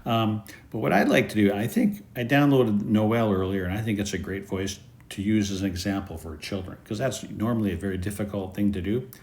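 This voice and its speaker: Male presenter, lowish voice, relaxed walkthrough of app settings. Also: brisk, few pauses. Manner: easygoing step-by-step explaining. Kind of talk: screen-recorded app tutorial.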